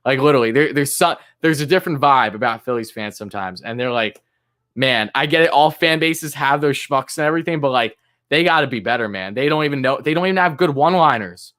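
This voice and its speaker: Guy streaming live play-by-play, medium voice, fed up with the umps, cursing, voice jumps up on big pitches. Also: animated, fast, fairly bright tone. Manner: exasperated, swearing, griping about umpires. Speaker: fan commentator and stream host. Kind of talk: live play-by-play fan reaction.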